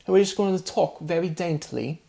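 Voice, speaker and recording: A man's voice: a little high, a little fast, gravelly, warm tone, pitched above the performer's own voice. A man mocking a dainty, pompous English philosopher in a put-on English accent, talking in an airy, precious way. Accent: mock English.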